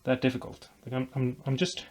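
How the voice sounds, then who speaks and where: A man's voice: mid-range voice, completely flat delivery, a little fast, darkish tone. A man vlogging as he builds a guitar, explaining while he works, rambling and making self-deprecating jokes. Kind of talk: casual workshop tutorial chat.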